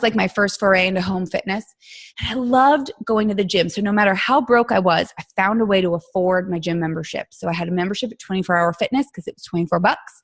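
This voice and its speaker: A woman, telling her story in a casual, animated way on a coaching call. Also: medium pitch. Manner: chatty and animated, acts out quotes, laughs often. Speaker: guest speaker on a coaching call. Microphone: phone or conference call line.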